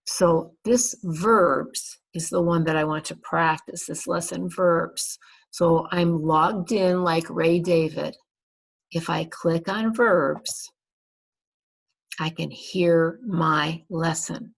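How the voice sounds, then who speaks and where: A woman teaching a beginner English class online, reading slowly and sounding out words carefully for learners. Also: lowish voice, fairly even intonation, vocal fry, slightly rough, rough recording. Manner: over-enunciates words for language learners. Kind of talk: slow, deliberate classroom instruction.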